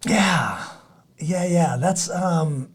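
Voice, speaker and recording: A middle-aged man hosting a podcast in casual chat, rambling and halting, with many restarts and fillers. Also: on the high side, breathy edge. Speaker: podcast host.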